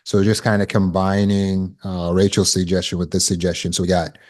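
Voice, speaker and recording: A man coaching a live online class, encouraging and checking in with "right?" and quick praise. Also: low-pitched, monotone, a little mellow. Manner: encouraging, affirms with "good" and "right?". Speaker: healing coach. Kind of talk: live online teaching session. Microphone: video call.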